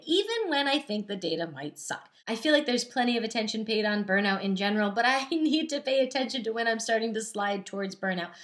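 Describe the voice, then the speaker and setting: Chatty, candid young woman. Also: a little high. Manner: chatty and candid, with animated quoted asides. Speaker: diabetes advocate. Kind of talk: casual talk to camera.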